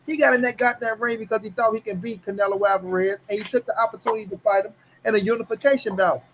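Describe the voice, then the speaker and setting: Man, heated boxing debate, loud and profane, talks over others, faint background hiss. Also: high-pitched, steady tone, quick pace, low-quality recording. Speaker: boxing show co-host.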